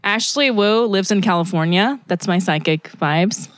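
A woman's voice: medium pitch, unhurried, dry recording, studio quality. A woman co-hosting a comedic podcast in casual chat, playful and teasing, laughing often. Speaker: podcast co-host.

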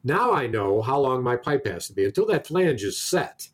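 A man telling a long anecdote in casual conversation, animated, stumbling over restarts and acting out the quoted dialogue. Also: medium pitch, moderate pace. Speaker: storyteller in a conversation.

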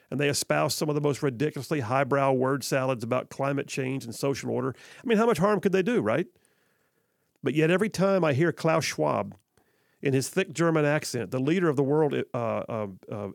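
A man's voice: mid-range voice, gravelly, no room sound. A male talk radio host, giving opinionated, sarcastic commentary in a conversational way from a radio studio. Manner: conversational, sarcastic, many "I mean" asides. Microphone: studio microphone.

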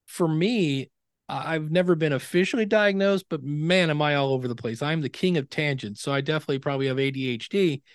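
A man's voice: on the high side, fairly quick, dry recording, studio quality. A middle-aged man, a podcasting expert guest in a casual interview, telling stories and acting out quoted dialogue. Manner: animated storyteller who acts out quoted dialogue.

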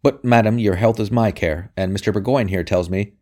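A man voicing a gruff, anxious soldier who barks his words harshly and loudly. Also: fairly low pitch, fairly quick, natural voice. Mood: exasperated. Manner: barking, harsh and forceful.

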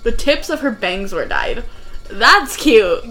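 A woman's voice: fairly high pitch, wildly swooping pitch, takes it slowly, sharp tone, faint music behind. A young woman co-hosting a podcast, chatting casually and jokily about a film as it plays, laughing a lot and swearing freely. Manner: giggly, jokey, swears freely. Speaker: podcast co-host. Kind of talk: casual movie watch-along chat.

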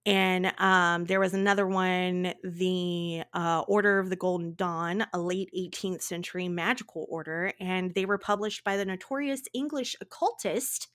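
A woman co-hosting a podcast in casual chat, animated and playful, with dramatic asides. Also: lowish voice, moderate pace, hardly any pauses. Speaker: podcast co-host.

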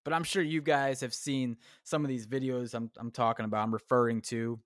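This solo podcast host speaks briskly in a steady, mid-range male voice, captured at studio quality with no room sound. His casual rant is full of swearing, and he rambles off on tangents and cuts himself off mid-thought.

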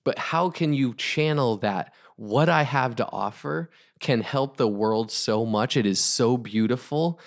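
A man's voice: mid-range voice, measured pace, gravelly, hardly any pauses. Fired-up man preaching sales. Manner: energetic, emphatic, repetitive preaching. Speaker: podcast host, entrepreneur. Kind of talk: motivational talk.

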